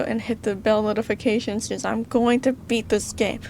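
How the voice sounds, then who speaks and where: A woman's voice: a little high, steady tone, normal speed, gravelly, darkish tone, slight background noise. A woman with a Southern US accent chatting through a detective game as a gaming host, tired and with a worn voice, thinking aloud and using cutesy stand-ins for swears. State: tired, voice wearing out. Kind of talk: casual let's-play commentary.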